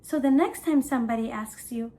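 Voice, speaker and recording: A woman teaching a language lesson for toddlers, talking slowly and playfully while acting out feelings. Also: a little high, dark tone. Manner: slow, playful, exaggerated emotions for kids.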